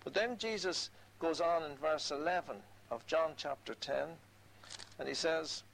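An older man preaching a sermon, reading scripture slowly and adding conversational asides. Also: fairly high pitch, vocal fry, a bit bright, poor audio.

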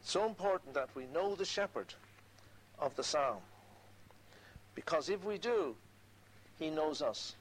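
Older guy preaching, kinda high voice, reads the verses slow, faint hiss behind. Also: expressive, poor audio. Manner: reads scripture slowly, conversational asides. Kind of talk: sermon.

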